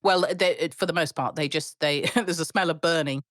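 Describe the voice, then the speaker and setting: A middle-aged woman airline pilot telling stories in an interview, animated, with frequent restarts and laughs. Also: low-pitched, brisk, no room sound, clean studio sound. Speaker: airline pilot, podcast guest. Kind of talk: storytelling interview.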